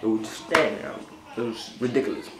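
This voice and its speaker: A man's voice: mid-range voice, quick pace. A young man casually telling a story to camera, rambling, with lots of fillers and "right?" tags. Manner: rambling, filler-heavy, says "right?" often. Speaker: vlogger. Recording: echoey room.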